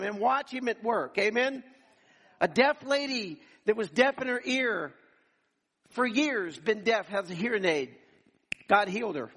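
A man's voice: high voice, expressive, measured pace, pushed and bright. A man, preaching a sermon in a church and telling stories animatedly, acting out the people he quotes. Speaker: pastor. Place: church sanctuary.

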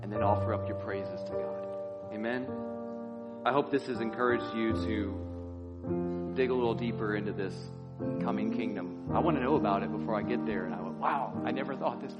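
A male pastor preaching a sermon in a church, swinging between loud, impassioned lines and hushed, quiet ones. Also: fairly low pitch, normal speed, lo-fi sound, over loud music.

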